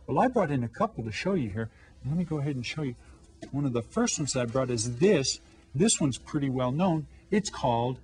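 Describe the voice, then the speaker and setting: A man teaching a children's language lesson, slowly modeling words for young learners to repeat. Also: mid-range voice, husky. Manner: friendly, slow modeling of words for repetition. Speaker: Spanish teacher.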